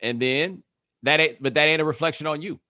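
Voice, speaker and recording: A man's voice: fairly high pitch, a little fast, pushed and bright, no echo, clean studio sound. A man talking casually as a podcast guest, telling stories and laughing often. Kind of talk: casual chat.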